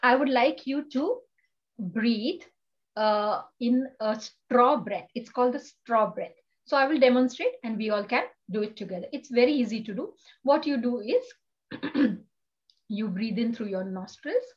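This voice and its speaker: A woman's voice: fairly high pitch, lively intonation, unhurried, lo-fi sound. A woman, a yoga and meditation teacher, giving a guided breathing lesson over a video call, earnest and full of rhetorical questions. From India. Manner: earnest, rhetorical questions, frequent "you know".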